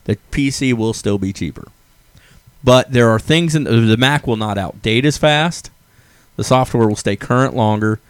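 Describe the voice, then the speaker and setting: A man's voice: medium pitch, normal speed, clean tone, no echo. A man hosting a casual podcast chat, opinionated and ranting, laughing often. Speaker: podcast host.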